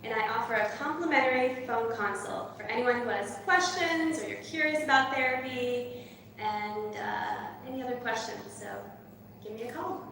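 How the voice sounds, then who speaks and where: A woman's voice: fairly high pitch, moderate pace, a bit bright. A woman therapist talking plainly on stage about her practice. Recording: echoey hall from far off.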